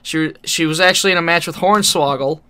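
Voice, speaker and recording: Man, podcast co-host, casual storytelling, rambling, laughs a lot, swears, smooth clear voice. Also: on the high side, brisk, sharp tone. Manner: laughs through his own story, swears freely, rambling with fillers.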